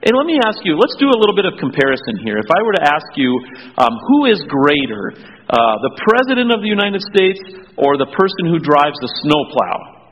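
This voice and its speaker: A man, a pastor, reading scripture slowly and then talking casually with children in a church. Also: a little high, slight background noise. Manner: slow, deliberate reading, then relaxed chat with kids. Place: church sanctuary. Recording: dull, echoey church recording.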